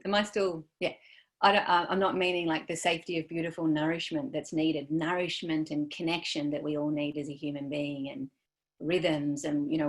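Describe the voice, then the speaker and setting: Soft-spoken woman teaching. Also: deep voice. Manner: gentle, searching, with frequent fillers and trailing soft phrases. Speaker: meditation teacher. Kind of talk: dharma talk.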